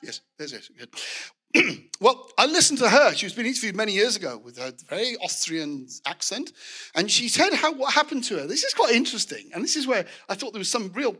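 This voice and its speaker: Middle-aged male preacher, high and forceful, rambling anecdotal sermon with asides to the room. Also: sing-song, fairly quick, breathy edge. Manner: storytelling with frequent restarts and asides to the congregation.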